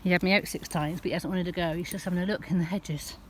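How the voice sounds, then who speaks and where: A woman with a Northern English accent vlogging casually as she walks a wet park track, chatty and given to high sing-song baby talk with her cats. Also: fairly even intonation, fast, a little hiss or hum. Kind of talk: casual walking vlog.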